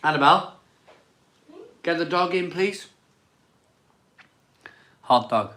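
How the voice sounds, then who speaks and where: A man in his forties hosts a relaxed live stream about beer, reading viewer comments aloud as he goes. His voice sits a little high and sounds bright and forward. He rambles, repeats his phrases and laughs easily. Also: slow pace. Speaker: beer channel host reading live chat. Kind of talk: casual live-stream chat.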